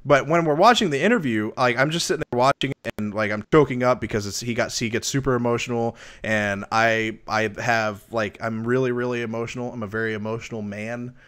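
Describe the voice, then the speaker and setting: A man with a wife and kids, co-hosting a podcast and reviewing a film in loose, rambling casual chat that gets animated when he tells a story. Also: medium pitch, brisk, hardly any pauses, smooth. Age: adult with a wife and kids. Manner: rambling, lots of restarts and fillers; animated when retelling stories. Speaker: podcast co-host.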